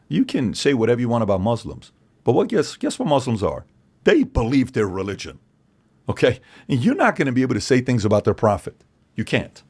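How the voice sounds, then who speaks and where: A man in his forties holds forth as a podcast guest, with a gravelly, creaky edge to his mid-range voice. His pitch swings widely as he hammers home points with rhetorical questions, and he mimics other people's voices mid-story. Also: very animated, brisk, a little mellow. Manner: acts out quoted voices, emphatic, rhetorical questions. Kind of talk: animated opinionated monologue.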